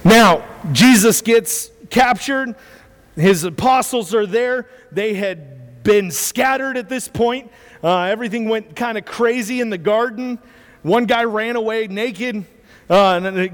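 A man preaching a sermon who tells stories in an animated way and often restarts his sentences. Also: high voice, unhurried. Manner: animated storytelling with many restarts. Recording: long hall reverb.

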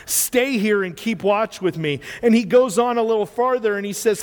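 A man's voice: high-pitched, moderate pace, hardly any pauses, clean tone, big-room sound. A man preaching a sermon in a conversational way, often stumbling over repeated words and checking in with his listeners. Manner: conversational, repeats words and asks the audience "right?".

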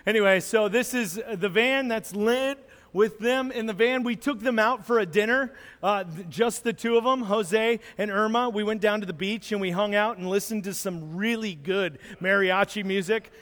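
High-voiced pastor telling a story. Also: male voice, moderate pace. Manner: animated storyteller, acts out moments. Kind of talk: sermon storytelling with slides. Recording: long hall reverb.

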